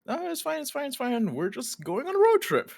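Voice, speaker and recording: A tabletop player voicing an earnest, hurried man who acts as an uncle to children. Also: low-pitched. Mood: coaxing.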